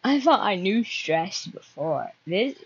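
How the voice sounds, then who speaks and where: A woman's voice: mid-range voice, big pitch swings, takes it slowly, slightly rough, no echo, dull audio. A young woman hosting her own podcast, chatting casually and rambling from one topic to the next. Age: young adult. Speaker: podcast host.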